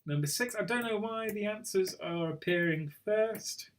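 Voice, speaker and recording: A man's voice: high-pitched, moderate pace. Chatty man hosting a quiz. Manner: chatty, self-mocking, trips over words. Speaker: quiz host. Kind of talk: casual live quiz hosting.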